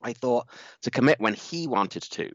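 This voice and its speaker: A man's voice: medium pitch, lively intonation, normal speed, a bit bright, dry recording, dull audio. A man co-hosting a boxing podcast, chatting casually and breaking down a fight with a playful streak. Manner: playful, puts on a jokey mock accent at times. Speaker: podcast co-host.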